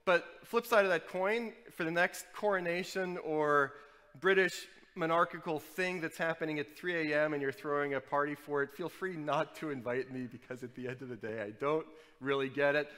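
Animated preacher man in a hall. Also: a little high, moderate pace. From New Orleans, USA. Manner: animated storytelling, wry asides. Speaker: pastor. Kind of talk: sermon.

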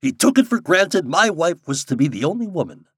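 Man voicing a booming jovial older gentleman. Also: sing-song, fairly quick, slightly rough, no room sound, clean studio sound, exaggerated voice. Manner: booming, boastful, teasing.

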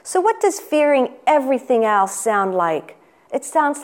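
A woman giving an earnest devotional sermon, asking the listener questions and speaking with unhurried emphasis. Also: on the high side, animated. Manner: earnest, asks the listener questions, reads quotations. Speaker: Sunday school teacher giving a devotional.

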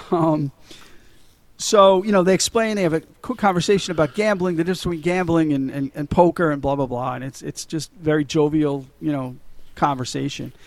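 A middle-aged man chatting on a podcast, retelling scenes with plenty of laughter and swearing. His voice sits a little high. The sound is dry and close, with no room around it. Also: gravelly, no echo. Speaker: podcast co-host. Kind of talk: casual movie chat.

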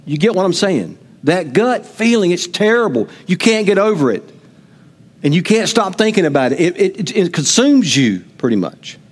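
A middle-aged man delivers a sermon in a folksy, storytelling manner. He talks directly to his congregation. His voice sits a little high, and a long reverb from the hall trails each phrase. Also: sing-song, moderate pace, breathy edge. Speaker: pastor.

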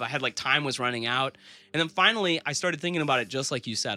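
Male comic as podcast guest: bright, lively, rambling anecdotes. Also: medium pitch, quick pace. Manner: animated storytelling, laughs often, fillers like "like". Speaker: podcast guest, stand-up comedian. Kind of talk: casual interview chat.

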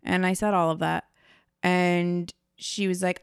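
A woman's voice: lowish voice, flat delivery, normal speed, smooth, no echo, studio quality. A woman co-hosting a casual chat, telling stories in an emphatic, opinionated way.

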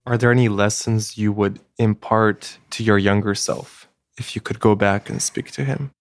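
A man hosting a podcast, asking calm, reflective questions. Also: lowish voice, moderate pace, no echo. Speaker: podcast host. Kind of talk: interview questions.

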